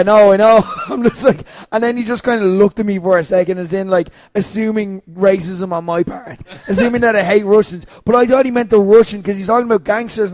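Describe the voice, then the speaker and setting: Male co-host, high voice, giggly and anxious, dry close mic. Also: darkish tone, dry recording. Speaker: podcast co-host. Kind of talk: casual chat.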